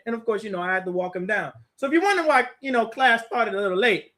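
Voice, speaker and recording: A man with a high, bright, sharp voice tells a story with lots of energy. He laughs often and acts out other people's words. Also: fairly quick. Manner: animated, laughing, acts out quotes. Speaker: group teacher. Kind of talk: casual storytelling chat.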